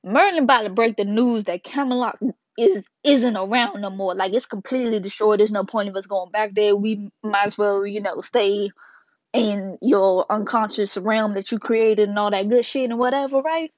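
A woman hosting a casual manga review video, slangy and playful, retelling scenes with quick asides. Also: medium pitch, no room sound. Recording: dull lo-fi dry sound.

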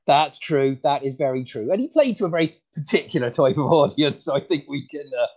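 A man voicing a bumbling rural farmer comedian with a rural English accent, talking in a halting, stammering, folksy way. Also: fairly high pitch, lively intonation, a little mellow, slightly rough. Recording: dull lo-fi sound.

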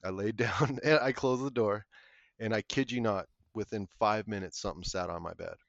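Gravelly low-voiced man telling a story. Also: no echo. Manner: earnest, halting storyteller. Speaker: podcast guest. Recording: muffled lo-fi audio.

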